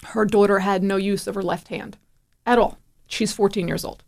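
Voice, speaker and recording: A woman guest on a radio talk show, telling a personal story in a casual, animated way and acting out the dialogue. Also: medium pitch, normal speed, vocal fry. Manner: animated, acts out quoted dialogue. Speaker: guest, parent sharing her son's story.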